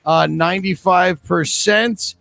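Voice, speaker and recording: A man's voice: sits high, slow, gravelly, sharp tone. A man hosting a live trivia game, reading questions and answer choices in a chatty, joking way. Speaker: trivia host.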